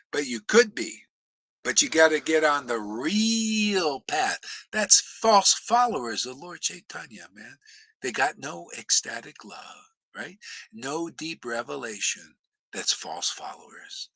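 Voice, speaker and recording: A man preaching in an impassioned, confrontational rant, swearing freely, often shouting and mocking others. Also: a little high, dry recording, low-quality recording. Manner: mocks others in put-on voices. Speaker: spiritual teacher.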